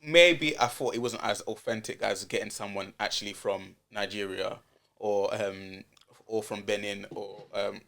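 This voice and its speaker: A man who is a journalist guest in a casual podcast chat, speaking haltingly, with restarts and a lot of "like". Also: fairly low pitch, steady tone, vocal fry, fairly bright tone. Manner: halting, restarts often, full of "like".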